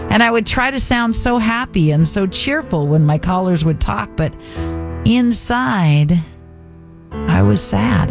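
Lady radio host late at night, soft confiding talk, faint music under her. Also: low-pitched. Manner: intimate, confiding, gently earnest.

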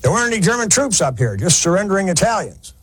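A man's voice: sits high, very animated, fast, husky. A man telling a war history story in a folksy, conversational lecture style, stretching words for emphasis.

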